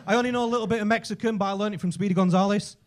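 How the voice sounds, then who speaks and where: High-voiced English stand-up comic. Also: male voice, very fast. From England. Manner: animated storytelling, casual swearing. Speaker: stand-up comedian. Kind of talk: stand-up comedy routine. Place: comedy club stage.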